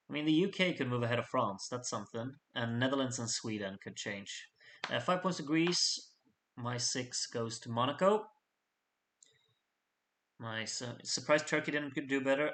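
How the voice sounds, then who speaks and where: A man's voice: mid-range voice, a bit bright. A man hosting a live fan vote, reading out points with chatty, jokey asides to his audience. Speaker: host reading out fan contest votes. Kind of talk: casual live voting commentary.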